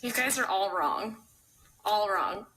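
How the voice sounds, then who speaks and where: A woman's voice: mid-range voice, expressive, slow pace, heavy background noise. A woman co-hosting a casual podcast, telling a story in a giggly, self-conscious way with many likes and ums. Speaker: podcast co-host. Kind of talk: casual chat.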